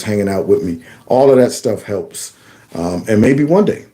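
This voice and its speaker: A middle-aged man hosting a casual political live stream, animated and laughing, slipping into mocking voices. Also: mid-range voice. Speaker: political commentary host.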